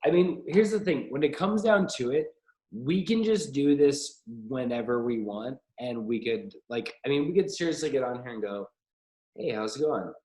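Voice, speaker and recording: A man's voice: medium pitch, expressive, moderate pace, a little mellow. A man hosting a casual late-night chat show, joking and rambling in a self-mocking way. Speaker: host. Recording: roomy echo.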